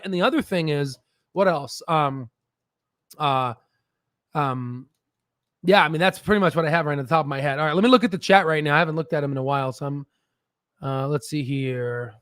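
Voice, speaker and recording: A man in his thirties hosting a casual stock market livestream, excitable and profane, mocking others in shrill put-on voices. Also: no echo, clean studio sound.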